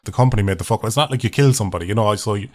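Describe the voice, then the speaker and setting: A man's voice: on the low side, very fast, darkish tone. A man delivering a sweary, mocking comedy rant, laughing often at his own stories. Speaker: comedy vlogger. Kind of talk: casual ranting monologue.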